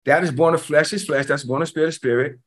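A man preaching an energetic sermon, talking fast, excited, and repeating words for emphasis. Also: on the high side.

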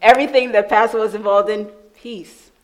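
A woman from New York telling a lively personal testimony in church, laughing often as she speaks. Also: on the low side, unhurried, low-quality recording. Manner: animated storytelling, laughing often. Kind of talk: sermon testimony.

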